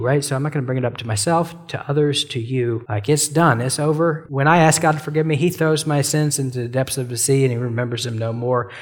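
A man's voice: mid-range voice, steady tone, quick pace, hardly any pauses, long reverb tail. A man teaching on a Bible passage in a casual, conversational way, often saying "like" and "you know" and acting out quoted prayers and apologies.

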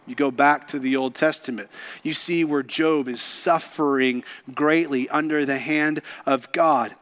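A man preaching a sermon, swinging from loud exclamations to hushed whispers with slow, deliberate emphasis. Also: on the high side, steady tone. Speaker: pastor.

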